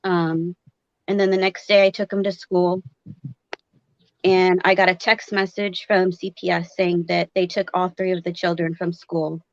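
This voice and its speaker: A woman's voice: on the low side, flat delivery, unhurried, no room sound, muffled recording. A woman guest telling her own story with frequent hesitations and fillers.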